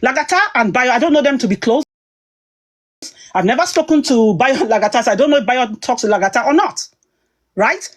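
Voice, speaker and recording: An upset woman talks through a grievance on a live stream in a slightly high voice. She is emphatic and repeats herself, often breaking off and restarting sentences. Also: animated, a little fast, long pauses. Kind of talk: heated personal monologue.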